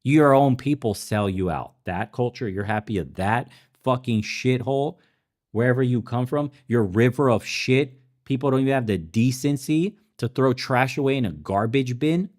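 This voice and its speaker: This podcast host, a man who immigrated to America, has a mid-range, darkish voice and talks at normal speed. Recorded in the Balkans, his commentary is a profane rant packed with swearing and hot-tempered bursts, broken up by occasional self-directed laughter.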